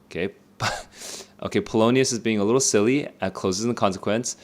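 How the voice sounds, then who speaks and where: A man's voice: lowish voice, fairly quick, darkish tone. A young man streaming a live read-along of a play, thinking aloud with many fillers and restarts.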